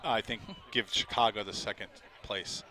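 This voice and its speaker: Bright-voiced male sports commentator. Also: fairly low pitch, fairly even intonation. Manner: quick, chatty, laughs easily. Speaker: play-by-play commentator.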